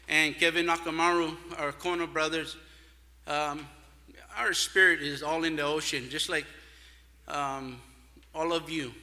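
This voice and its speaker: A man from Hawaii giving an earnest, halting tribute speech with many fillers. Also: on the high side, sharp tone. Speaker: award speaker. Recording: long reverb of a large hall.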